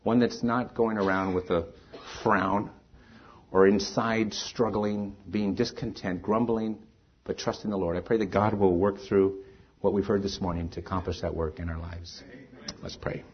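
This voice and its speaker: Husky-voiced man preaching a sermon. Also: low-pitched, steady tone, normal speed. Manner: earnest, rising to emphatic stresses then dropping soft. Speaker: pastor. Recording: dull lo-fi sermon recording.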